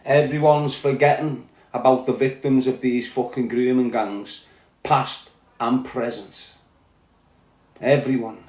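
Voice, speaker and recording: A man with a Liverpool accent delivering a heated, profane solo rant as a podcast host, growing louder as he goes. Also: mid-range voice, steady tone, slow, reverberant. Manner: heated, sweary, rising to shouting. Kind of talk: angry monologue rant.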